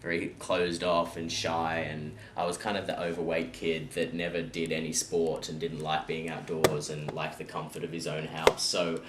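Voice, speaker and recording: A man's voice: extremely low pitch, level tone, normal speed, few pauses. A young Australian man, an actor being interviewed, answering casually and easygoingly with frequent ums. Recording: echoey room with faint noise.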